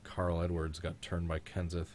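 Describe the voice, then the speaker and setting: Congested deep-voiced man hosting race chat. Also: completely flat delivery, normal speed, a little mellow, a little hiss or hum. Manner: chatty, teasing, rambling recollections. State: congested, voice cracking from illness. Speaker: host of a live race reaction. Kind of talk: casual live commentary with friends.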